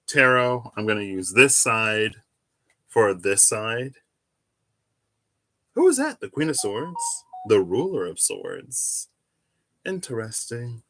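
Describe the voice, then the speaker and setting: This is a man with a fairly low, bright and forceful voice, talking through a casual tarot reading on his channel. He rambles, second-guesses himself and corrects his own words mid-sentence. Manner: rambling, self-correcting, chatty. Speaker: tarot reader.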